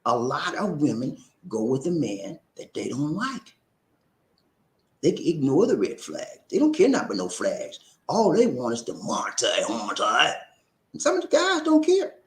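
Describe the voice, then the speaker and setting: A man hosting a casual livestream and reading out viewer comments, talking in a preachy, animated way and often breaking into laughter and repeated phrases. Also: sits high, echoey room.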